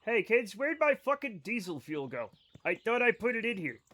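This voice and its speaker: Brief: male game streamer with a high voice, chatting to viewers, loose, profane and rambling. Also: big pitch swings, normal speed, sharp tone. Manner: rambling, profane, joking asides to chat. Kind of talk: casual live-stream chat with viewers.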